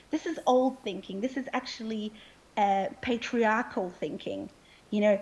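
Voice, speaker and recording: A woman speaks as an interview guest in an earnest, impassioned way. Her voice sits fairly high, and she drives her points home with a repeated "okay?" at the ends of her sentences. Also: measured pace, darkish tone, rough recording. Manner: earnest, keeps asking "okay?".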